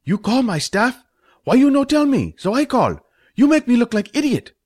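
A shrill, hot-tempered restaurant owner. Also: male voice, very animated, normal speed, no room sound, clean studio sound, full character voice. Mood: indignant. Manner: broken English, shouting, very high-pitched.

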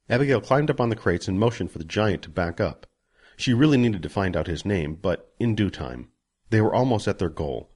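A man narrating a story as an audiobook, expressive and giving each character a voice. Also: lowish voice, fairly quick, breathy edge.

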